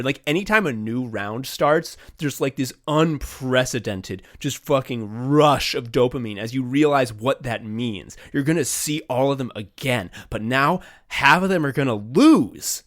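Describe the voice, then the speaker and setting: A man co-hosting a podcast in casual chat, excitable and swearing often. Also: mid-range voice, normal speed. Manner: excited, profane, acts out characters in quotes. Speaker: podcast co-host.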